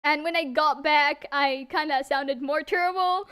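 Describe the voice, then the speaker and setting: A woman's voice: high voice, measured pace, fairly bright tone. A woman VTuber singer on a live stream, tearful and stammering. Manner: stammering, laughing, reading chat aloud. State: tearful, on the verge of crying. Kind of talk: emotional live-stream chat.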